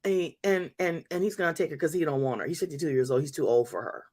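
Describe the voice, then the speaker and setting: A woman in her fifties hosts a faith talk, speaking fast in a low-pitched, slightly mellow voice. She tells her listeners a story with emphatic repetition, addressing them as y'all.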